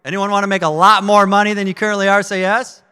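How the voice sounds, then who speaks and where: Energetic high-voiced man training a crowd. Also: fast, clean tone, big-room sound. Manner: energetic, asks the audience questions. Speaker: network marketing trainer. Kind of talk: live sales training talk. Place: training event room with audience.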